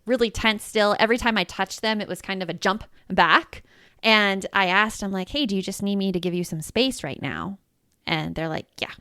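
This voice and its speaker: A woman's voice: mid-range voice, clean tone, no echo, studio quality. A woman in her thirties co-hosting a parenting podcast, chatting casually and telling stories from home. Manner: chatty, storytelling, soft when describing soothing. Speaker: podcast co-host.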